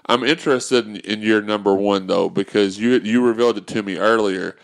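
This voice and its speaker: A man co-hosting a casual wrestling podcast, teasing the others with quick asides. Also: fairly low pitch, steady tone, gravelly. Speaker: podcast co-host.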